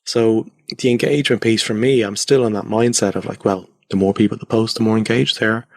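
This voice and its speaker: Guy with a lowish voice rambling thoughtfully, lots of like and you know, dry close sound. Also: fairly even intonation, brisk, a little mellow, no room sound. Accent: Irish. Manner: reflective, loose and rambling with many fillers. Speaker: podcast guest. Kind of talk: casual conversational interview. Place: converted attic at home.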